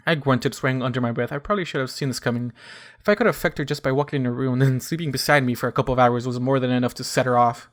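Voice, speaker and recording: A man's voice: medium pitch, rapid-fire. A man reading a first-person fan fiction story aloud, often stumbling and correcting himself. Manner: stumbling restarts and self-corrections.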